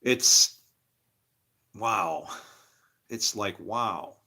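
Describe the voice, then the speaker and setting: A man at an ordinary middle pitch rambles through a religious monologue. His tone is bright and forceful. He drifts from quiet mumbles into sudden shouts and laughs to himself along the way. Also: lively intonation, unhurried.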